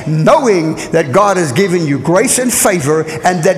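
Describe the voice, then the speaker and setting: A man preaching a lively sermon to a church congregation, leading call-and-response. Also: high-pitched, moderate pace, faint music behind. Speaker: guest preacher. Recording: echoey church hall.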